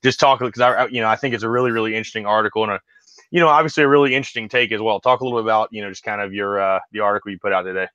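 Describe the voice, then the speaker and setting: A man hosting a sports podcast in halting, easygoing chat, often restarting his sentences. His voice is bright and forceful. The sound is a little dull and lo-fi, but dry. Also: on the low side, fairly even intonation, dry recording. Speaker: podcast host.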